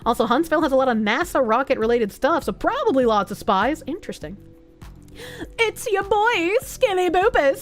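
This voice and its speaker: Casual: high-pitched young woman streamer, yapping and cussing at chat, lil bit of music in the back. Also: moderate pace. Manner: animated, swears freely, reads chat aloud. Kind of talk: casual livestream chat reading donations. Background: faint music.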